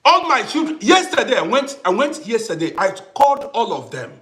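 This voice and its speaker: A man's voice: very high-pitched, very animated, moderate pace, sharp tone. A middle-aged man hosting a livestream, delivering an impassioned monologue and repeating phrases for emphasis. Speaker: livestream host.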